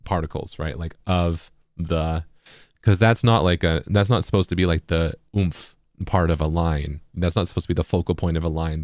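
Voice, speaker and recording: A man's voice: deep voice, darkish tone, no echo, studio quality. A man who produces music talks casually through a tutorial stream and keeps checking in with "right?". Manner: explanatory, keeps asking "right?".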